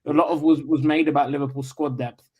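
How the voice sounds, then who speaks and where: A man's voice: on the high side, little pitch movement, fast, husky, narrow, tinny audio. A man football fan giving upbeat, confident post-match reaction with a rambling flow.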